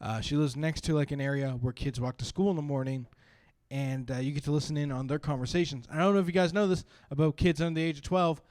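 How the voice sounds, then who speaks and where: A man doing a stand-up set, rambling with lots of fillers and breaking into sudden loud bursts. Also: a little high, fairly even intonation, fast talker, no echo. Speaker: stand-up comedian.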